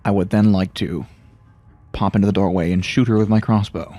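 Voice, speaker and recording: A man's voice: lowish voice, steady tone, a little fast, mellow, dry recording, soft background music. A man in his forties playing a tabletop game, stumbling and hesitating as he describes his character. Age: 40s. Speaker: player.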